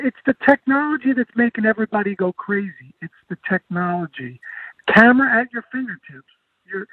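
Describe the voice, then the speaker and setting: A man's voice: very high voice, breathy edge, no room sound. A man from New Jersey calling into a radio show, emphatic and repeating his point. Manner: emphatic, repetitive. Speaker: caller. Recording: phone line.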